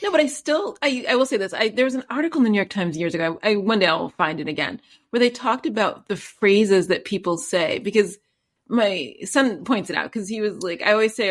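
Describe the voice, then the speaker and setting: A woman hosting a podcast in casual conversation, chatty, laughing often and tossing in quick asides. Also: mid-range voice, animated. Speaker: podcast host.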